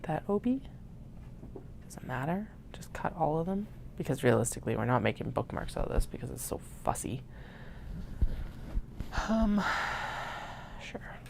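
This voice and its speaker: A woman hosting a craft livestream, chatting casually and muttering soft half-whispered asides to herself while she cuts fabric. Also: sits low, very animated, moderate pace, vocal fry, pauses often, slight background noise.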